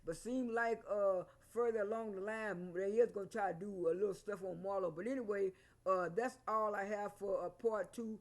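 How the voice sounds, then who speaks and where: A man's voice: high-pitched, steady tone, normal speed. A man recapping a reality show in a casual vlog, rambling and repeating himself as he gives his opinions. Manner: rambling, repeats words and restarts often; plain, opinionated storytelling.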